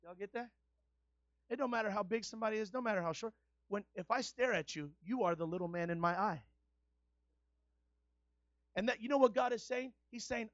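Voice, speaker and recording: High-voiced preacher, dull sound. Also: male voice, brisk, pauses often, no room sound. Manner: builds to loud, repetitive call-and-response preaching. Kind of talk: sermon.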